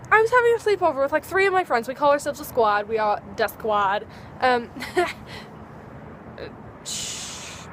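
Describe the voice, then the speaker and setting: A woman's voice: sits high, a little hiss or hum. A teenage girl vlogging outdoors at dusk, chatting in a bubbly, rambling way and acting out little dialogues. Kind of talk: casual chat to camera.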